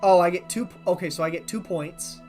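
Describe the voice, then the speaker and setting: A streamer playing a game for the first time, reading the on-screen text aloud and thinking out loud, sometimes tripping over unfamiliar words. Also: mid-range voice, fairly quick, soft background music. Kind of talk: casual let's-play commentary.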